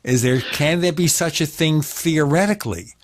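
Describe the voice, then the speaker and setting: A man's voice: on the high side, moderate pace, slight background noise. Talk radio host man. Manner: conversational, steering questions. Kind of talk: talk show interviewing and ad read.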